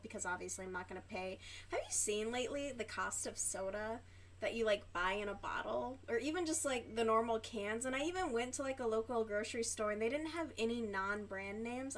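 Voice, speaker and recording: A woman's voice: medium pitch, fairly bright tone. A young woman livestreaming while she crochets, chatting casually and rambling with lots of fillers and swearing. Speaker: livestream host.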